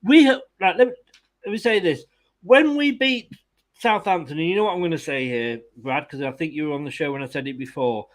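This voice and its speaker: A man's voice: on the high side, fast. A man hosting a fan channel's post-match chat, reading viewer comments aloud with exasperation and the odd swear.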